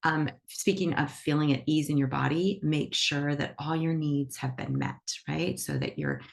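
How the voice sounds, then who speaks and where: Low, gravelly-voiced enthusiastic woman teacher. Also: normal speed. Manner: enthusiastic, emphatic, upbeat. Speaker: animal reiki teacher. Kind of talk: instructional talk to an online class. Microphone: video call.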